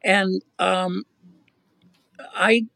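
Older guy, really gravelly fry in his voice, kinda high, teasing halting guest chat. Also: level tone, pushed and bright, no echo. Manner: halting, teasing quiz-giver. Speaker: guest, veteran newsman. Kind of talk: casual interview chat.

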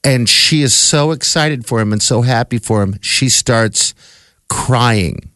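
A man co-hosting a podcast, chatting casually about football with an animated storytelling manner and many fillers. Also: medium pitch, takes it slowly, dry recording, clean studio sound. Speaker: podcast co-host. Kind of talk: casual sports chat.

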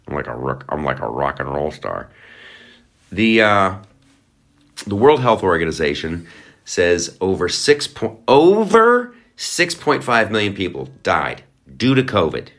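A deep-voiced man talking through his own podcast in loose, rambling chat. His pitch swings widely as he drifts into sarcastic, playful asides. A guitar is heard faintly behind him. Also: fairly bright tone. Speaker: podcast host. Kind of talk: casual solo podcast talk.

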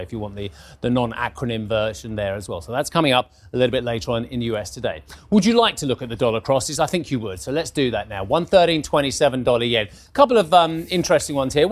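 Man, fifties, markets presenter, live business news, animated, direct to viewers. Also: medium pitch.

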